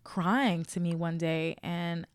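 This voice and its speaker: A woman's voice: fairly low pitch, fairly even intonation, takes it slowly, clean tone, dry recording. A young adult woman hosting a podcast, telling a personal story in a chatty, slangy way and speaking straight to her listeners. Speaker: podcast host. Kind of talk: casual motivational storytelling.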